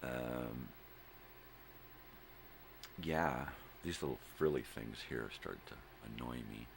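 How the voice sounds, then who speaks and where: Very deep gravelly older man rambling. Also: slight background noise. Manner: slow, drifting, full of fillers and wordplay. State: drowsy from cold medicine. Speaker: vlog host. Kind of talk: rambling morning chat.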